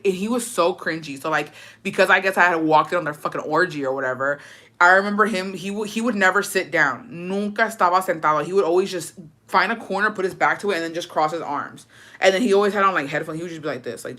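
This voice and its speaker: A woman in her thirties tells a story live to her viewers and reads their comments as she goes. Her voice is bright and forward. She is blunt and slangy, swears constantly, and slips into Spanish here and there. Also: fairly low pitch. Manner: profane, blunt, slangy, switches into Spanish words. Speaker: livestreamer. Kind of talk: casual storytelling on a livestream, reading comments.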